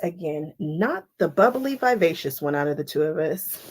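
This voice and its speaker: A deep, husky female voice, animated and moderately paced. Cutting fabric in her home sewing space, the host of a quilting live stream chats in a relaxed way, laughs often, and keeps getting sidetracked.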